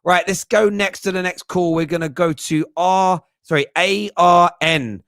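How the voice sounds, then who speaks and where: A man's voice: high voice, steady tone, a little slow, a bit bright, no echo, clean studio sound. A man hosting a fan phone-in show, chatting casually, thinking aloud and poking fun at himself. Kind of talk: casual live-stream chat.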